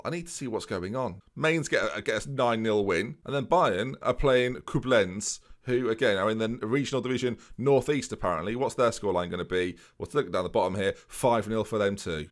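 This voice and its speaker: A man's voice: medium pitch, fairly bright tone. A man casually commentating on his football management game for viewers, wry and chatty. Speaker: gaming YouTuber.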